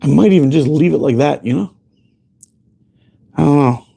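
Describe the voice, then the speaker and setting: A man's voice: a little high, normal speed, gravelly, warm tone, husky. Profane rambling man. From Canada. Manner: rambling, profane, laughs often. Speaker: host. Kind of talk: casual storytelling chat.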